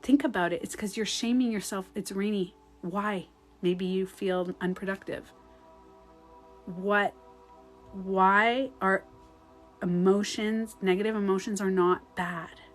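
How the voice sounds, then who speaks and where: A woman life coach talking casually into her phone on a live stream at home, animated and swearing freely as she acts out her own outbursts. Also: medium pitch, slow, soft background music. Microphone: phone on a ring light.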